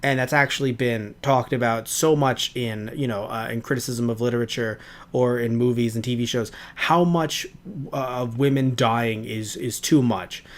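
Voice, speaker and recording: A man's voice: mid-range voice, fairly even intonation, normal speed. A man co-hosting a casual review podcast, rambling with many restarts. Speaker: podcast co-host.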